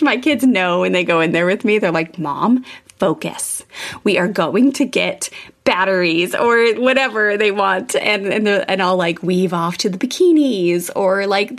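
A woman hosting a parenting podcast, talking in a chatty, animated way with lots of fillers. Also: mid-range voice. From California, USA. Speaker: parenting podcast host and coach. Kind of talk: casual podcast monologue.

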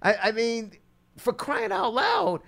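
A man hosting a sports call-in radio show, talking excitedly with many stammered restarts. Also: very high voice, takes it slowly, creaky.

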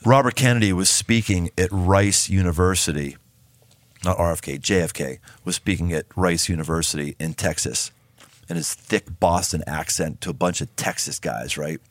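This fifties-aged podcast host, here the guest, talks emphatically in a casual conversation, frequently repeating himself and restarting. His low voice moves at a moderate pace with no echo.

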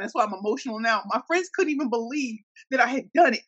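A woman from St. Louis, Missouri, tells her story as an interview guest, bright and forceful in tone, her pitch set a little high. She brings the people in her story to life by acting out their voices. The sound is dry and close. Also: fast, breathy edge, no echo, poor audio. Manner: animated, acts out quoted voices. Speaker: guest entrepreneur.

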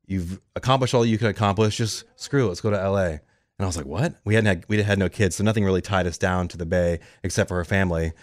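A man's voice: sits low, no room sound, clean studio sound. A man telling his career story as a guest in a casual interview, acting out quoted conversations. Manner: fast, animated storytelling with quoted dialogue. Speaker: guest, radio producer.

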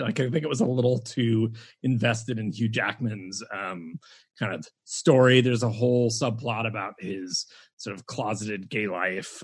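A man's voice: mid-range voice, slightly rough, no room sound, studio quality. A man co-hosting a film review podcast, chatting casually and laughing easily. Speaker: podcast co-host.

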